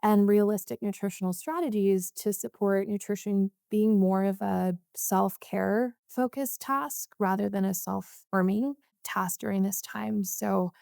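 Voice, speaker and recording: A woman dietitian co-hosting a podcast, speaking in a thoughtful, gentle, earnest way. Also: medium pitch, fairly even intonation, a little slow, gravelly, few pauses, dry recording, studio quality. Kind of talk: podcast discussion.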